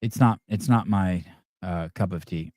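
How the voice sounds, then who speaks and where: A man's voice: deep voice, a little slow, dark tone, dry recording, studio quality. A man hosting a podcast in casual talk, reacting to viewer comments in a blunt, profane and rambling way. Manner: rambling, self-interrupting delivery. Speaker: podcast host.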